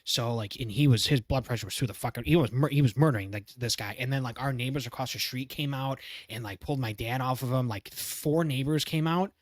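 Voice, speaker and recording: Animated young man telling a story. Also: mid-range voice, brisk, hardly any pauses, no echo, studio quality. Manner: animated, swears a lot, laughs through the story. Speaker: podcast co-host. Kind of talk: casual storytelling chat.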